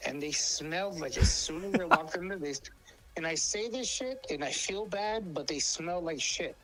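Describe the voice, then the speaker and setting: A man's voice: fairly high pitch, lively intonation, normal speed, a loud crowd, low-quality recording. A man telling rambling stories as a co-host, with heavy swearing and many fillers and restarts. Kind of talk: casual storytelling chat.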